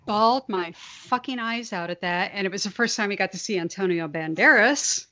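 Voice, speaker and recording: Bright-voiced woman, chatty co-host. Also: medium pitch, moderate pace. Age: 40s. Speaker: podcast co-host. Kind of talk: casual chat. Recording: dull lo-fi sound.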